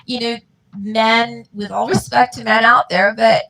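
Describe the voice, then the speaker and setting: Middle-aged woman, kinda gravelly, higher voice, earnest, keeps acting out what ppl said. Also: fairly even intonation, a little slow, a bit bright, low-quality recording. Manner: earnest, repeats words, acts out dialogue. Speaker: guest. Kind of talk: emotional personal storytelling.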